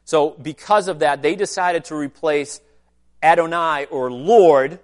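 A man's voice: a little high, measured pace. Man preaching a conversational teaching sermon. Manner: conversational teaching with asides to the congregation. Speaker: pastor.

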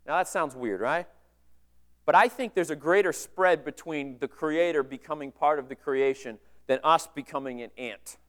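Pastor guy preaching, kinda high-pitched, casual, keeps asking "right?". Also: normal speed, a bit bright. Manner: conversational, asks rhetorical questions with frequent "right?". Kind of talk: sermon.

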